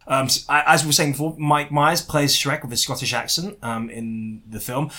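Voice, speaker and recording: A man hosting a casual comedy podcast, arguing silly points in a deadpan, mock-serious way. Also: mid-range voice.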